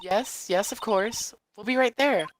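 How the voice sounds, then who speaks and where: Man doing a shrill, frantic Maya. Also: a little slow, slight background noise. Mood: excited. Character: excitable young female spirit medium sidekick. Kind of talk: game dialogue read aloud.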